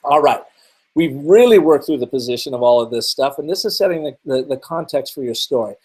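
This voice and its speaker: A middle-aged man from the Seattle area teaching a webinar, telling stories and asking rhetorical questions with lively energy. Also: mid-range voice, a little fast, slightly rough, rough recording. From Seattle, Washington area. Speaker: webinar presenter.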